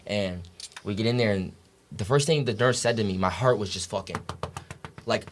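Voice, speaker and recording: Young man, lowish voice, casual storytelling, profane slang, podcast guest. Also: moderate pace, a little hiss or hum. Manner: profane, animated storytelling with lots of "like" and "dude".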